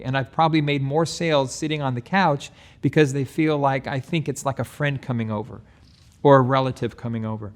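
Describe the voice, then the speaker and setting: A middle-aged man, a sales trainer, giving a relaxed training talk and acting out doorstep conversations with customers. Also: mid-range voice. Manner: relaxed, acts out doorstep dialogue.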